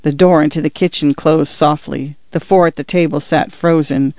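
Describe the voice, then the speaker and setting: A man narrating a story in a steady, even audiobook reading. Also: on the high side, normal speed, dry recording. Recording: dull, lo-fi dry recording.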